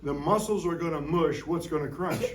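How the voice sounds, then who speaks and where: A man teaching a lively science lesson to young children in a classroom, playful and full of call-and-response. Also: a little high, moderate pace. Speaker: science educator visiting a class. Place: school classroom. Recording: roomy room from a distant mic.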